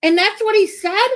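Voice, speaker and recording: A woman hosts a livestream and reacts to clips with casual commentary, baffled and exasperated, with swearing slipped into her asides. Her voice is high and she talks slowly and drawls. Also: a bit bright. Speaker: livestream host.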